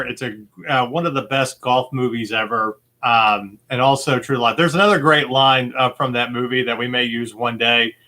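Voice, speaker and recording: A man hosts a relaxed movie-quote game with a bright, ringing voice. He rambles along easily, padding his sentences with fillers and little chuckles. His tone stays informal and friendly throughout. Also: medium pitch. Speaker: game show host. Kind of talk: casual chat.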